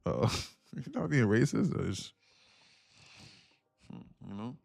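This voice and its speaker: A man's voice: medium pitch, sing-song, slow pace, creaky, darkish tone. A man streaming live day trading, talking casually and laughing as he reads chat aloud. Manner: laid-back, chuckling, reads chat aloud.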